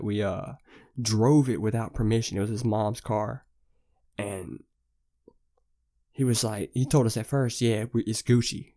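A man's voice: fairly low pitch, warm tone. A young man hosting a podcast, telling a rambling story in casual, slang-heavy, profane talk. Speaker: podcast host.

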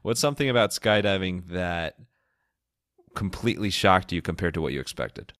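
A deep-voiced man hosts a podcast, recorded dry and close. He sounds playful and upbeat, enjoying his own puns as he steers the interview. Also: expressive, normal speed, a bit bright, no room sound. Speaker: podcast host. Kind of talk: interview questions.

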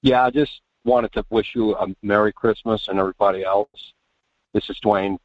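A man's voice: on the low side, steady tone, normal speed, no echo. Man calling in on a muffled phone line. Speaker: caller. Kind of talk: phone-in call.

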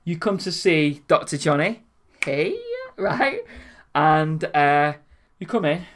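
A man's voice: fairly high pitch, slow, a little hiss or hum. A young man, telling stories in a casual, laughing podcast chat. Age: young adult. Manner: storytelling, laughing, lively. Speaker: podcast co-host.

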